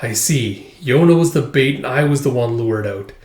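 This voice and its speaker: A man's voice: medium pitch, expressive, normal speed, darkish tone, reverberant. A man recapping a manga volume in a rambling, casual way, full of fillers. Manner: rambling, filler-heavy retelling. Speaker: manga reviewer.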